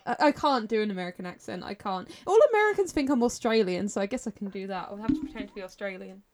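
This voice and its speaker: A British woman chatting casually on a podcast, quick to laugh. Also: medium pitch, lively intonation, a little mellow. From Britain. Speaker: podcast guest. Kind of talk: casual chat.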